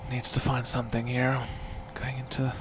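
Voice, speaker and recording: A man giving live golf commentary in a relaxed, chatty way, with tips and play calls. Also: medium pitch, moderate pace, slight background noise.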